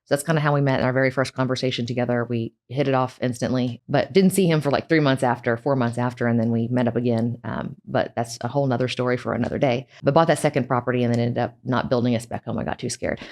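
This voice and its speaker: A woman's voice: extremely low pitch, steady tone, quick pace, hardly any pauses, a little mellow. A woman co-hosting a casual interview, chatty and prompting her partner with questions.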